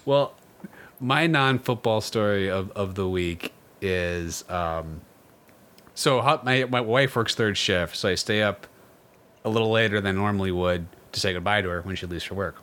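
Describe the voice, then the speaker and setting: Man, podcast co-host, laid-back, joking, quick to chime in. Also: on the low side, fairly bright tone. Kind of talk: casual chat.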